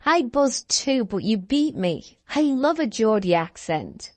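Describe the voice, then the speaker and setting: A woman's voice: fairly high pitch, sing-song, unhurried, darkish tone, no echo. A woman playing a quiz contestant in playful, teasing banter. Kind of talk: casual banter.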